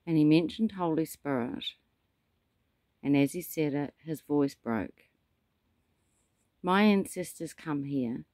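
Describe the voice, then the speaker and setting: A man's voice: a little high, slow, long pauses, darkish tone, no echo, clean studio sound. A man delivering a rambling spiritual monologue, telling stories with dramatic asides. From New Zealand. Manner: meandering storyteller, dramatic asides. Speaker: self-styled prophet.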